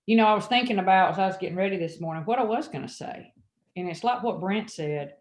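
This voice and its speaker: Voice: medium pitch, lively intonation, fast. An earnest co-host talking over a video call, sincere and heartfelt, doubling words for emphasis. The voice sits in a noticeably echoey room. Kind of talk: heartfelt casual sharing.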